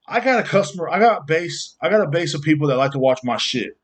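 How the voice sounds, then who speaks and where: A man's voice: fairly high pitch, lively intonation, fast, few pauses, a bit bright. A male podcast host ranting in an indignant, repetitive way, swearing freely. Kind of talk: profane ranting monologue.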